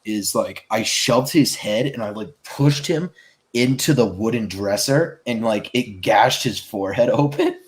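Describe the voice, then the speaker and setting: A man co-hosting a casual podcast, telling stories in an animated way, swearing freely and laughing a lot. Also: lowish voice, a little slow. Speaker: podcast co-host. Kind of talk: casual chat.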